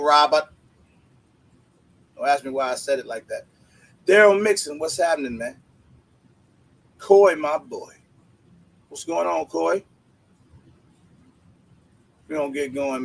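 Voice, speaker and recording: A man's voice: a little high, a little slow, vocal fry, pauses often, poor audio. A man hosting a casual livestream, greeting viewers by name in laid-back slang. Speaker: livestream host.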